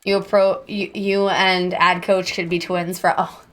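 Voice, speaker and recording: A young woman chats casually with viewers on a live stream, bubbly and self-deprecating, sometimes letting out squeaky exclamations. Her voice is a bit bright, unhurried, and shows little pitch movement.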